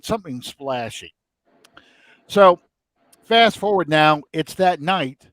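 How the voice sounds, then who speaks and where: A man's voice: a little high, normal speed, dry recording. A middle-aged man, hosting a podcast and telling a story in casual chat, acting out the quotes he tells. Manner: animated, acts out quotes. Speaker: podcast host.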